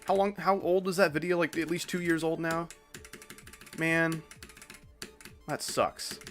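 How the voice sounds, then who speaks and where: Over soft background music, a man streams a game and chats loosely about what he's doing, dropping the odd swear word. His voice is fairly high and fairly bright, with fairly even intonation and a measured pace.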